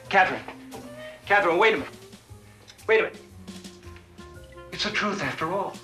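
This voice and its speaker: A man's voice: high-pitched, animated, moderate pace, pushed and bright. Florid, melodramatic scheming businessman. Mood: frantic. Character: scheming, theatrical middle-aged male businessman, jailed. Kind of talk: TV drama acting. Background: music.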